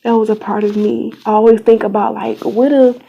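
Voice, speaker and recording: Pleading young woman with a gravelly voice. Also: a little high, little pitch movement, fairly quick, muffled recording. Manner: earnest, pleading, drops to whispers at times. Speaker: vlogger. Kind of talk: emotional personal testimony.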